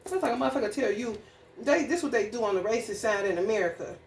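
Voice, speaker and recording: A woman's voice: fairly high pitch, expressive, fast talker, vocal fry, a little mellow. Blunt, profane woman in an echoey room. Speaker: astrology reader. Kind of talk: casual spiritual reading and rant. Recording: echoey room, distant mic, faint noise.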